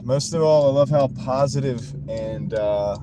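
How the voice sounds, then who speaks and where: Slow-talking man chatting from his car. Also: mid-range voice. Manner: chuckling, reads and reacts to viewer comments. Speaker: livestreaming delivery driver. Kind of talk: casual live-stream chat. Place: inside a car while driving. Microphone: wireless clip-on mini mic. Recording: road noise from the moving car.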